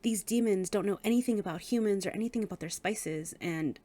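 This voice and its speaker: A woman giving a casual book review. She speaks in an animated way, laughs often and swears casually. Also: mid-range voice, brisk.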